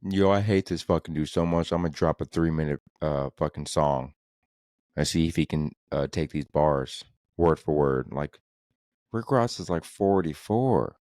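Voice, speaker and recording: Young dude on his comedy podcast, super low voice, dry close mic, ranting and swearing a lot. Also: moderate pace, a little mellow, no echo. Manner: rambling, profane, exasperated ranting. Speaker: podcast host. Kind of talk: casual solo comedy podcast monologue.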